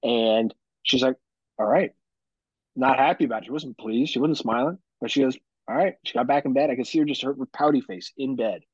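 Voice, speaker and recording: A man's voice: medium pitch, fast talker, few pauses, slightly rough, no echo, highs cut off. A man hosting a podcast, telling a parenting story in casual, profane chat. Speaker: podcast host.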